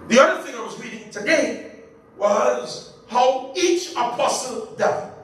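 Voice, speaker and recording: A pastor leading a Bible study, lively and joking, asking the congregation to finish his phrases. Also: extremely high pitch, unhurried. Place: church. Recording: echoey church room, far from mic, faint hiss.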